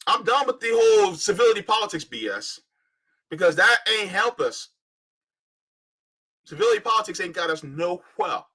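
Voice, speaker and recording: A man's voice: high voice, very animated, moderate pace, pauses often, pushed and bright, low-quality recording. A man giving heated political commentary on a live stream, ranting, sarcastic, and full of rhetorical questions.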